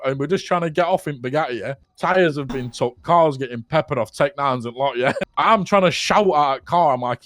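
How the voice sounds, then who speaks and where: A man's voice: on the high side, brisk, few pauses, fairly bright tone, no echo. Laughing young man. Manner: rambling, swears a lot, keeps laughing at his own story. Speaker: roleplay player telling a story. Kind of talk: casual in-character storytelling.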